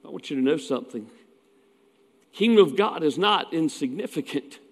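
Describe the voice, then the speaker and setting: A man's voice: fairly high pitch, animated, moderate pace, in a large hall. A man preaching a sermon as pastor, telling stories in a folksy way with asides.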